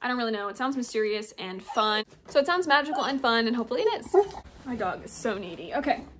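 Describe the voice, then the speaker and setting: A woman's voice: on the high side, animated, quick pace, a bit bright, a little hiss or hum. A young woman in a casual book haul vlog, chatty and gushing as she shows off her new books. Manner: gushing, chatty, reads blurbs aloud. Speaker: booktuber.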